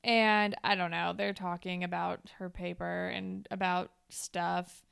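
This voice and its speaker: A woman's voice: fairly low pitch, flat delivery, unhurried, gravelly, fairly bright tone, smooth. A woman co-hosting a casual TV recap podcast, laughing and swearing freely as she retells scenes. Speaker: podcast co-host.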